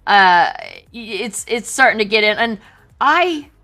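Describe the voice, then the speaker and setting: A woman's voice: medium pitch, big pitch swings, unhurried, sharp tone, soft background music. A woman with a southern Wisconsin accent, chatting casually and rambling on a livestream as an artist co-host. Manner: chatty, rambling, many restarts.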